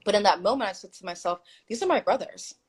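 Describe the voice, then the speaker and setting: A woman's voice: mid-range voice, fast talker, slightly rough, rough recording. A woman guest telling a story in casual chat on a video call, acting out what people said. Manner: animated, acts out quoted dialogue.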